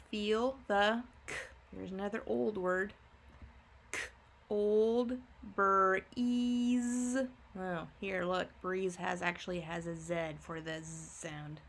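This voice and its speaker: A woman teaching a first grade phonics lesson, patiently explaining and slowly sounding out each word for young children. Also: mid-range voice. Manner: slow, drawn-out sounding out of words.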